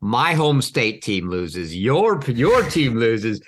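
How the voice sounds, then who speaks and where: A man's voice: medium pitch, big pitch swings, slow pace, slightly rough. A man co-hosting a sports podcast, talking casually with teasing banter. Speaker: podcast co-host.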